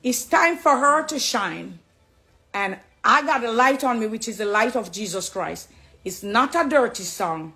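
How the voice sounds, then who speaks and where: A middle-aged woman with a Jamaican accent, talking to camera in an animated, preachy, affectionate way, slipping into patois. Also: a little high, measured pace. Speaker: dancehall artist. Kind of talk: casual direct-to-camera talk.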